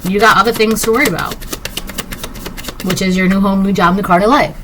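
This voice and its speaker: A woman's voice: medium pitch, steady tone, a little fast, a bit bright, a little hiss or hum, rough recording. A woman giving a casual tarot reading, rambling and sassy, full of "like" and "um". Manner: rambling, filler-heavy, with frequent "like" and "um". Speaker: tarot reader.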